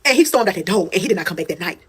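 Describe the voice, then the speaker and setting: A woman's voice: fairly low pitch, lively intonation, rapid-fire, husky. A woman telling a personal story in casual storytime style. She talks straight to her viewers, swears freely and repeats phrases for emphasis.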